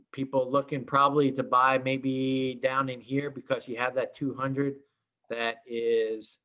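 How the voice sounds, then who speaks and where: A man's voice: medium pitch, highs cut off. Chatty man teaching live trading. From schooled in Oklahoma. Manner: casual, rambling with many fillers. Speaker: trading instructor.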